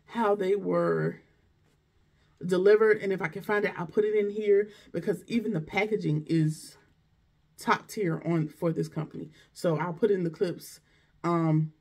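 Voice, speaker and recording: Husky-voiced woman gushing over a haul. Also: lowish voice, fairly even intonation, measured pace, pauses often, darkish tone. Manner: gushing, chatty, exclaiming over items. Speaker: shopping haul vlogger. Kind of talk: casual unboxing chat.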